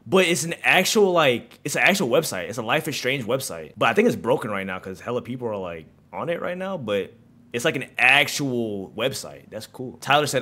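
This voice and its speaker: Excitable young gaming commentator. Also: male voice, mid-range voice, a little fast. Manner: excitable, slangy, reads game texts aloud. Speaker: gaming streamer. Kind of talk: casual let's-play commentary.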